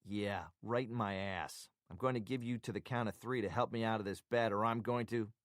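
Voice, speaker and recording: A man voicing a stubborn injured male agent who talks gruff and impatient. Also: on the low side, steady tone, moderate pace, no echo, clean studio sound, lightly acted.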